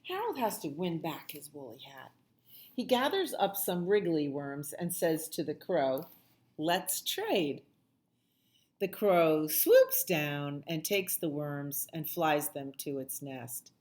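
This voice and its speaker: A woman librarian reading a picture book aloud at children's storytime, with soft asides to the kids. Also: deep voice, lively intonation. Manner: slow, sing-song, with soft asides to the children.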